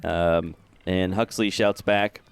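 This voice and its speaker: A man narrating as game master in a tabletop game, with halting delivery full of filler sounds. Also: sits low, steady tone, smooth.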